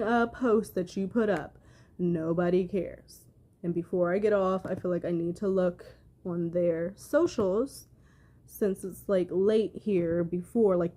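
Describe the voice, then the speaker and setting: A woman vents to her audience in a furious, profanity-laced commentary. Her voice is mellow and warm, even while she hammers each point with heavy emphasis. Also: lowish voice. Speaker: commentary vlogger. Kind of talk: heated commentary rant.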